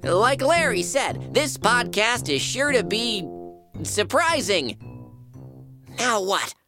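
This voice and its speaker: A level-headed cartoon tomato, as a voice actor plays him, patient but a little fussy, hosting a kids' podcast. His voice sits mid-range yet moves a lot in pitch, with music playing behind. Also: big pitch swings, slow. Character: sensible male tomato, patient and slightly fussy. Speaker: co-host.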